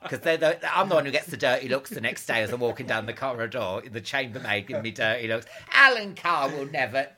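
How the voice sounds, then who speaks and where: An English man hosting a casual chat, giggling often and telling stories in a camp, animated way. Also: mid-range voice, fast. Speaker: podcast host.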